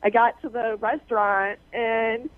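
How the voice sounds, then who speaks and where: A tearful woman calling in to a radio show, talking in a halting, rambling way with many restarts and fillers. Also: on the high side, little pitch movement, no room sound. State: tearful, on the verge of crying. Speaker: radio caller. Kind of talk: emotional phone call to a radio show. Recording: tinny phone line.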